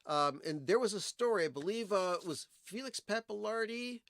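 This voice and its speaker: On his livestream, a man with a high-pitched, fairly bright voice and lively intonation chats at a moderate pace about old singles and their flip sides, showing the records as he goes. He wanders off into tangents and stories, peppering them with fillers, and the sound has no room to it.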